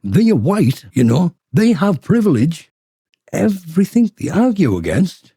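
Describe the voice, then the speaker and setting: A working-class man ranting with a blunt, swearing edge. His pitch swings widely, and his voice is dark and a little husky. The sound is close and dry, with no room echo. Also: sing-song, unhurried. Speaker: vlogger. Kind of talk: ranting monologue.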